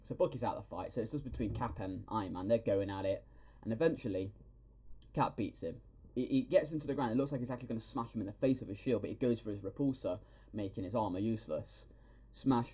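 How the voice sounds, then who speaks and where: Sweary excitable man, dull lo-fi audio. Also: medium pitch, breathy edge. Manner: excitable, sweary, retells scenes. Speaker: podcast host. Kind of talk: casual film review chat.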